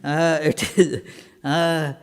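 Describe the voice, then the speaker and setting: A man, a monk teaching at a retreat, answers questions in a halting way, with many pauses and fillers and emphatic repetition. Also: a little high, fairly even intonation. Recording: reverberant hall.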